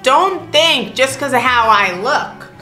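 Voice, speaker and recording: Young woman telling a story, bright voice, acts out all the voices, laughs a lot, echoey room, faint music. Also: slow. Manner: animated, acts out quoted voices with big pitch jumps; laughs often mid-story. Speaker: vlog co-host. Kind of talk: casual storytelling.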